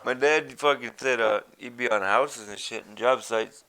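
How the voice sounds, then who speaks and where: A man's voice: mid-range voice, moderate pace, bright, forceful tone. A man hosting a casual podcast, rambling through stories and giggling often. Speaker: podcast host. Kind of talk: casual stoner chat.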